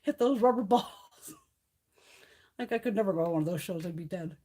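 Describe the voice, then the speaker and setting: A woman hosting a beauty livestream from home, talking casually with her viewers. She is blunt and swears freely, laughing often as she rambles along. Her voice sits at an ordinary middle pitch. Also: brisk, mellow, a little hiss or hum. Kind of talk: casual live chat with viewers. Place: home on a mountain.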